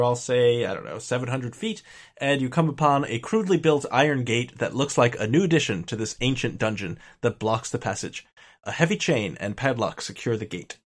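Hesitant man narrating as game master. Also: mid-range voice. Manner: unhurried, halting, with fillers and laughs.

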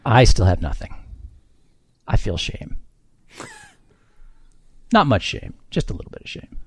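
A man's voice: on the low side, huge pitch swings, slow, slightly rough, dry recording. A man hosting a comedy quiz game on a podcast, reading scores and answers with a wry, self-mocking manner.

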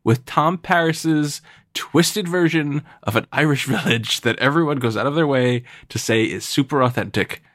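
A man's voice: mid-range voice, moderate pace, a bit bright, no room sound, studio quality. A man hosting a podcast, chatting casually and joking with a guest, laughing often. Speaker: podcast host. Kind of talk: casual chat.

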